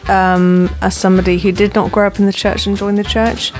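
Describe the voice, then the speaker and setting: A woman's voice: medium pitch, little pitch movement, brisk, darkish tone, faint music behind. A woman in a casual chat, playful and jokey. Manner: playful, laughing.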